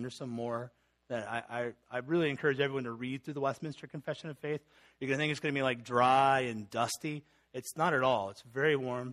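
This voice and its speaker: A middle-aged pastor preaches a sermon in a conversational, teaching style, his mid-range voice fairly bright. He reads scripture and creeds aloud, with fillers and restarts along the way.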